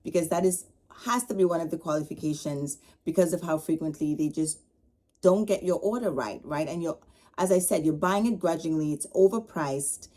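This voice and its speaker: A middle-aged woman telling a casual story as a podcast host, animated, acting out the dialogue she quotes. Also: low voice, normal speed. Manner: animated, retells her upset with quoted dialogue.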